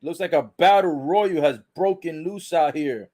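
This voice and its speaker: A man reacting live to a wrestling broadcast, calling the action with frequent swearing and excited exclamations. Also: a little high, measured pace.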